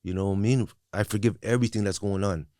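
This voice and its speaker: A man's voice: lowish voice, steady tone, quick pace, warm tone, no echo, studio quality. A man as a podcast guest, talking candidly and reflectively about his past, with frequent restarts and "you know what I mean.". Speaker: guest sharing recovery story. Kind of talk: candid conversational interview.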